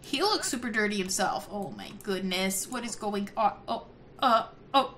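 A woman hosting a let's-play video, giving excitable casual commentary, gasping and laughing often. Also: mid-range voice, moderate pace, a little hiss or hum. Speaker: gaming video host.

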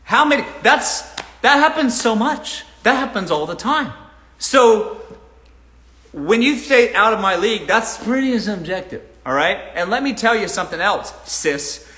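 Guy answering dating questions live, blunt and swearing a lot, bright voice that swings up and down, echoey room. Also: high-pitched, a little slow. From Los Angeles. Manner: blunt, profane, animated. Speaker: dating advice host. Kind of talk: live Q&A, casual advice. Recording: roomy echo.

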